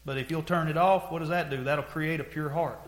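A man preaching a sermon, telling folksy stories and moving from hushed, heavy moments to loud, pressing exhortation. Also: on the high side, fairly even intonation, a little fast, reverberant.

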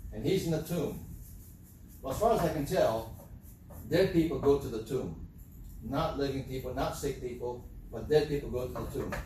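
A man's voice: medium pitch, mellow, recorded from a distance, a little hiss or hum. Man, preacher, sermon, rhetorical questions, very echoey room, off-mic.

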